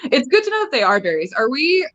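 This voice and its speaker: Young woman doing goofy standup from her phone at home, kinda high voice, keeps giggling at her own jokes. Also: big pitch swings, fast talker, fairly bright tone, dull audio. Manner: giggly, rambling, self-amused. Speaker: stand-up comic. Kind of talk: casual stand-up riffing.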